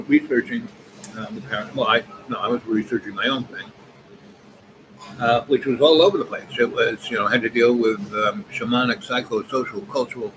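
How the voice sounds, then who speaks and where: A man in his seventies rambling through a long personal story with many asides. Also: mid-range voice. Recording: noisy background ambience.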